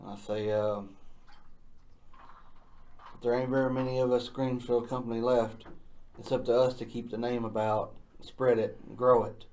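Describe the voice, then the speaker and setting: A man's voice: medium pitch, flat delivery, normal speed, darkish tone, slight background noise. A man playing in a tabletop game, speaking earnestly for his character and describing his actions. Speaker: player.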